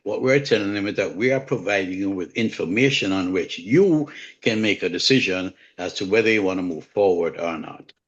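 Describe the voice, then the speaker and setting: Older jamaican man, low-pitched, earnest and measured, muffled lo-fi call audio. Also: animated. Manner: earnest, measured, repeats key points. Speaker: home inspector guest. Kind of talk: online community call presentation. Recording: dull lo-fi online call audio.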